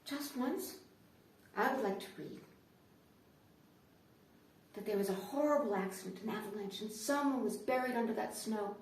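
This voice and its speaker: A woman's voice: mid-range voice, moderate pace, pauses often, a little hiss or hum. Sarcastic woman comedian, echoey and distant. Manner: sarcastic, swings from hushed asides to loud outbursts. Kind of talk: stand-up comedy monologue.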